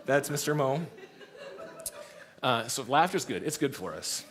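A man's voice: mid-range voice, unhurried. A man in his thirties, a pastor preaching a sermon in a church, telling stories and laughing along. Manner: storytelling, laughs often, lively shifts in loudness.

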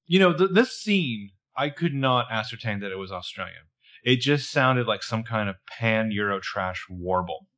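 A man's voice: on the low side, lively intonation, normal speed, fairly bright tone. A man co-hosting a podcast, recapping a show in casual chat with wry jokes and frequent laughs. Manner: jokey, wry asides, laughs often. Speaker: podcast co-host.

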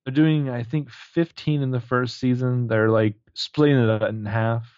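A man co-hosting a podcast in casual chat, chatty and quick to laugh. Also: mid-range voice, fairly even intonation, darkish tone, no echo, muffled recording. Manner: chatty, laughs easily, jokey voices. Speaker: podcast co-host.

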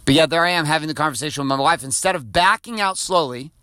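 Profane, bright-voiced man coaching hard. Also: on the high side, fast talker, dry recording. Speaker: podcast host. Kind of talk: motivational podcast monologue. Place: in his car.

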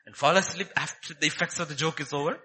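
A man's voice: on the high side, fast, pushed and bright. A man preaching a sermon, emphatic and repetitive, firing off rhetorical questions. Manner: emphatic, repeats key phrases, rhetorical questions.

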